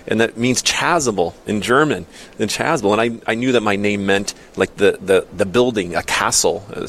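A man's voice: on the low side, creaky, a bit bright, slight background noise. A priest from northern Iowa talking earnestly on a radio show in a studio, often repeating his words. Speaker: priest guest. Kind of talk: conversational radio talk.

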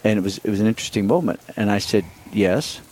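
A middle-aged man speaks with a somewhat low voice, recounting events at an unhurried conversational pace. He stumbles and restarts often, filling gaps with "um" and "uh" and letting small laughs slip in. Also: low-quality recording. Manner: halting, many restarts and fillers, with soft laughs. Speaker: priest appointed bishop, interview guest. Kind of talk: conversational interview storytelling.

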